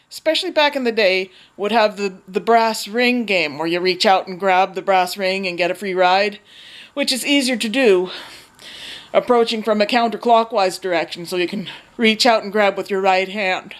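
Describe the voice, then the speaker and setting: A chatty woman talks through her handmade pieces in a relaxed home vlog. She rambles cheerfully and restarts her sentences. Her voice sits at an ordinary middle pitch. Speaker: vlogger. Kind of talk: casual show-and-tell vlog.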